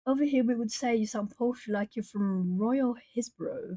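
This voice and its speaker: A woman's voice: fairly high pitch, animated, slow, long pauses, a little mellow, dry recording. A woman from Brazil chatting casually on a live art stream, laughing often and answering viewers' comments as she colours. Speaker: artist streamer.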